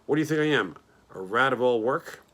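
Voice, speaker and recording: A man's voice: medium pitch, expressive, brisk, fairly bright tone. A man voicing a grumpy, selfish male rat who talks in a mocking, complaining way.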